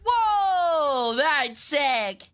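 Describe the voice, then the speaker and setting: A woman's voice: sits high, very animated, very slow, fairly bright tone, slight background noise. A woman streaming a video game, chatting casually with her viewers and arguing with them in a playful, bratty, mock-outraged way. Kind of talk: casual gaming livestream chat.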